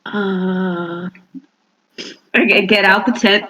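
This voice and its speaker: A woman's voice: mid-range voice, fairly even intonation, drawn-out words, bright, forceful tone, recorded from a distance, low-quality recording. A woman playing a tabletop game, describing her character's moves in a matter-of-fact way. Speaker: player.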